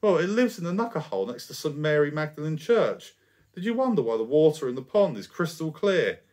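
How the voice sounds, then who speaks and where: A man's voice: a little high, very animated, fairly quick, a little mellow, pitched above the performer's own voice. A man voicing a furniture mover who tells an eager boy an old local monster legend in a storybook reading. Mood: knowing. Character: knowing adult furniture mover telling legends.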